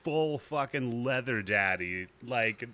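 A man's voice: medium pitch, expressive, slow pace, sharp tone, a little hiss or hum. A man co-hosting a podcast in casual chat, sarcastic and swearing. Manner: sarcastic, profane. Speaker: podcast co-host.

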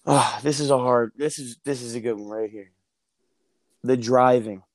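Male guest from New Jersey, anecdotal casual talker, mid pitch, dry earbud sound. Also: steady tone, normal speed, dry recording. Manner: storytelling, restarts, laughs easily. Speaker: podcast guest. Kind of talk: casual chat. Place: outdoor backyard barbecue.

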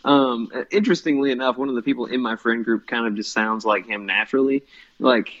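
A man's voice: mid-range voice, fairly quick, fairly bright tone. A man chatting casually as a co-host, rambling with lots of fillers. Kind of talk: casual chat. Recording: slightly muffled lo-fi sound.

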